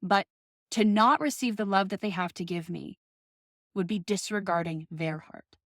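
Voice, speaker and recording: Woman, 30s, casual monologue, emphatic, curses freely, mid pitch, dead dry sound. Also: normal speed, no room sound. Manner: passionate, swearing, emphatic rants. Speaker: podcast host.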